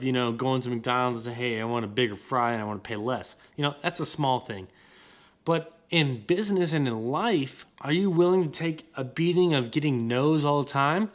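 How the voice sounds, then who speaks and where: A man hosting a motivational podcast, talking in an energetic, slangy way and repeating his points. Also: a little high. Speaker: podcast host.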